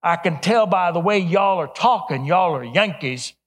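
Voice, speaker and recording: A man voicing a blunt, stubborn male janitor with a Texas drawl, insisting in short, flat statements. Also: high voice, moderate pace, pitched above the performer's own voice. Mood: insistent.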